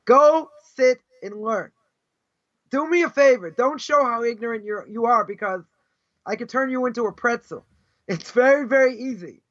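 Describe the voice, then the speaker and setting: A man's voice: very high voice, bright, forceful tone, highs cut off. A man teaching as a rabbi in a live class, pressing his points with scornful rhetorical questions. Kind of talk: live Torah lecture.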